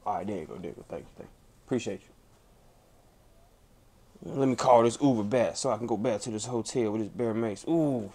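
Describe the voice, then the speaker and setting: A man's voice: on the low side, fairly quick, pauses often, a little mellow. A man acting out an angry young man who storms off for bear spray, groaning and sighing theatrically. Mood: mock fuming. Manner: fuming, theatrical sighs and groans.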